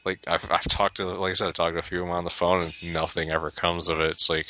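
A man's voice: low voice, flat delivery, fast talker, few pauses, sharp tone, dry recording. A man chatting casually, blunt and sweary, who stumbles over his words. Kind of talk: casual chat.

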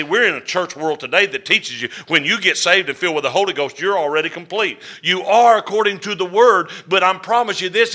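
A middle-aged man preaching a storytelling sermon, folksy and drawling, swinging between loud and soft. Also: high-pitched. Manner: folksy, drawling Southern-style delivery with dramatic swings in volume.

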